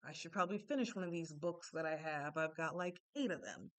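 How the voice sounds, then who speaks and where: A woman's voice: low-pitched, brisk. A young adult woman giving a casual, chatty self-help talk, candid and full of asides.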